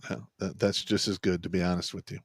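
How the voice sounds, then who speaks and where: A man's voice: low-pitched, fast talker, husky, dry recording. A man hosting a live show, talking bluntly in casual chat and cursing freely. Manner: profane, blunt, animated storytelling. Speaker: show host.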